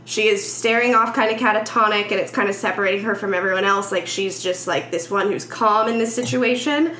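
A woman's voice: mid-range voice, brisk. Chatty woman retelling a film, roomy sound. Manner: animated storytelling, acts out characters' lines. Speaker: podcast host recapping a film. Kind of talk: casual chat. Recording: echoey room with faint noise.

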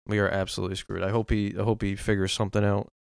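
A man with a low, gravelly voice complains through a casual sports podcast. He talks in frustrated bursts, breaking off and restarting his sentences. The sound is dry and close, with no room echo. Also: level tone. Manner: frustrated, rapid ranting with restarts and swearing. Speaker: podcast co-host.

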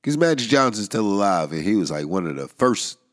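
This is a man with a very low, stuffed-up voice, nasal from a head cold. He hosts his own show in a loose, rambling monologue, wry and quick to chuckle between thoughts. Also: big pitch swings. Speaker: podcast host. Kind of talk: casual monologue. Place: New York area.

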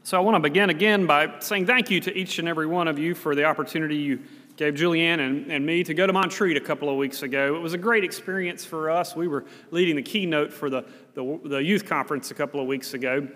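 A man's voice: fairly high pitch, fast talker, a bit bright. A male pastor, preaching a sermon in a folksy, conversational storytelling way. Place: church sanctuary. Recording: long reverb of a church hall.

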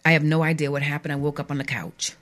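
A middle-aged woman, an author guest on a radio show, giving an earnest, halting personal testimony. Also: low voice, level tone, a bit bright. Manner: earnest, halting, emphatic at times. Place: radio studio.

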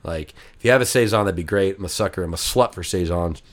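A man telling a long story to friends on a casual chat show, swearing freely and jumping into high voices when quoting people. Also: fast talker. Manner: animated, profane, jumps into high voices for quoted people. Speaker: podcast regular telling a story.

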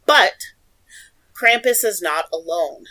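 A woman's voice: mid-range voice, animated, slow, pushed and bright, low-quality recording. A woman co-hosting a casual podcast, reading notes aloud, laughing often and stumbling over foreign names. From Oregon, USA. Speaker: podcast co-host.

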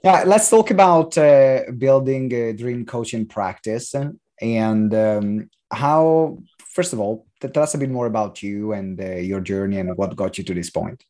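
A man with an Italian accent hosting a podcast interview, lively and jokey, with frequent "uh" fillers. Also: lowish voice, unhurried. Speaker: podcast host. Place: London.

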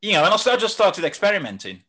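A man's voice: high-pitched, very animated, rapid-fire, pushed and bright, poor audio. A man who hosts poetry slams, chatting in an interview in a rambling, self-deprecating way with lots of restarts. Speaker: poet and slam host. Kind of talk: casual interview chat.

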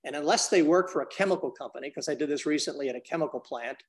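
Fast and a little high-pitched, this man is a business consultant and trainer guesting on a podcast. He lays out business ideas with energy, voices small dialogues in different characters, and frequently calls the host by name.

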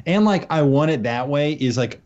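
A man's voice: a little high, lively intonation, moderate pace, darkish tone. A man co-hosting a comedy podcast over a video call, chatting casually in a loose, rambling way with lots of laughs. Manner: laughs often, loose rambling delivery with many fillers. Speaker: podcast co-host. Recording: dull lo-fi call audio.

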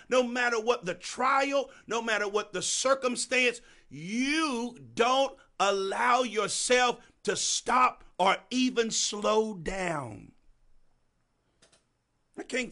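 Male preacher, high and animated, bright voice, drawn-out deliberate delivery, repeats lines to a congregation. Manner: repeats phrases for emphasis, calls on congregants by name; swings between soft and loud. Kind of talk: sermon.

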